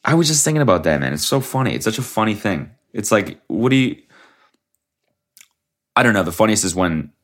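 A man's voice: on the low side, sing-song, fairly quick, pauses often, a bit bright. A young man hosting a solo podcast, rambling casually with lots of swearing and restarts while sick. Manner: rambling, profane, trailing off and restarting. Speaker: podcast host.

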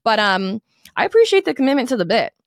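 A woman's voice: on the high side, sing-song, fast, no echo. A woman comedian hosting a podcast, chatting casually in a rambling, self-deprecating way.

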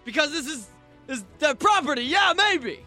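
A man playing a blustering British army captain in improvised comedic role-play, shouting a bombastic rallying speech that wavers into self-doubt. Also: high voice, wildly swooping pitch, slow pace, breathy edge, soft background music, heavily acted. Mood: boastful, rousing.

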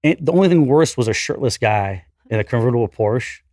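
A man in his forties, a podcast guest, telling a story in an animated, profane, self-deprecating way. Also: mid-range voice, a little fast, dry recording, studio quality. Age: 40s. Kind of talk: casual storytelling.

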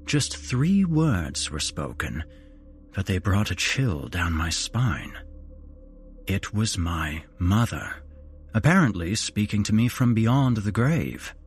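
A man hosting a horror podcast, narrating a first-person ghost story in a measured, dramatic way. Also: lowish voice, sing-song, faint music behind.

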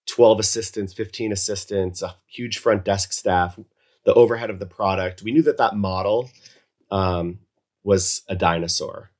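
A man who co-owns a salon, speaking in a measured way as an interview guest. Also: low voice, a little mellow. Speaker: colorist and salon co-owner. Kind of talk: conversational interview answers.

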